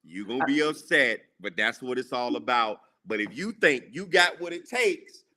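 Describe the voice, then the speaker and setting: A man's voice: medium pitch, lively intonation, normal speed, pushed and bright. A man giving an emphatic, preacherly motivational talk as a guest entrepreneur, repeating lines for emphasis. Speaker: guest, entrepreneur and TV show creator.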